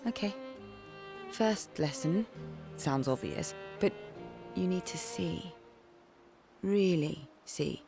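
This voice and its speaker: An actress voicing a calm, wise woman who mentors a young fighter in measured, instructive tones. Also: fairly low pitch, vocal fry, exaggerated voice. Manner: slow, measured, gently instructive. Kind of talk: video game dialogue. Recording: game audio with music score.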